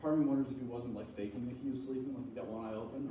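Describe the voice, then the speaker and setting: A man preaching a sermon who swings from soft, low talk to loud, pleading passages and acts out casual, playful asides. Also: fairly even intonation, rapid-fire, hardly any pauses, a crowd in the background. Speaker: pastor. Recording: echoey room, mic at a distance.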